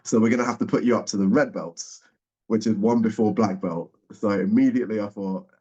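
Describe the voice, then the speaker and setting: A man's voice: on the low side, fairly quick. Man telling a personal story, dull recording. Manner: animated storytelling, acting out both sides of a dialogue. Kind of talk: personal anecdote.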